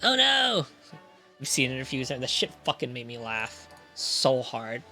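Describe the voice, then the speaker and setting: A man streaming a story game, chatting casually and joking while he reads game lines aloud in an animated way. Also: medium pitch, normal speed, faint music behind.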